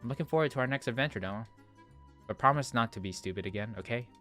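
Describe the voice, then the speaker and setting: Man reading as a teasing energetic young woman. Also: medium pitch, fast, soft background music, lightly acted. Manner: teasing, lightly mocking.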